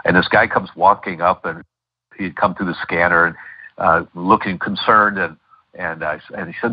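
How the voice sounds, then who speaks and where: Middle-aged guy, deep husky voice, lots of ums and restarts, dull muffled audio. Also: moderate pace. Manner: storytelling, many fillers and restarts. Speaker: guest doctor and lecturer. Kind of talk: interview over a call.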